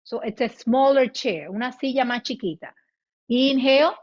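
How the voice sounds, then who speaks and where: A woman guiding a chair yoga class, giving cues in both English and Spanish and demonstrating loud vocal sounds. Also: fairly high pitch, normal speed. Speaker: yoga instructor. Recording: muffled lo-fi recording.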